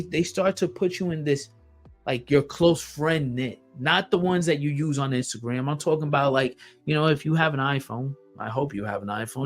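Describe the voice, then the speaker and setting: Solo podcast host, male, blunt and emphatic, cursing freely, slightly raised pitch. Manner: blunt and emphatic, swears often, repeats phrases.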